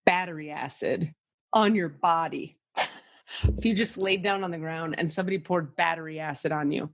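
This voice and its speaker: A woman hosting a casual spiritual podcast who channels and describes energies, animated and quick to swear. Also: deep voice. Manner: animated, swears freely, acts out voices and sounds. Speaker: psychic channeler and podcast host.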